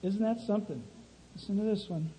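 A man's voice: high voice, fairly quick, dark tone, slight background noise, poor audio. A man hosting a show, reading scripture and indignantly commenting on clips of preachers. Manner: indignant, emphatic. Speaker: host critiquing preachers.

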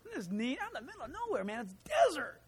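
A man preaching a sermon in an animated, conversational way, full of asides and rhetorical questions. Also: very high voice, fast talker, slight background noise. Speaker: pastor.

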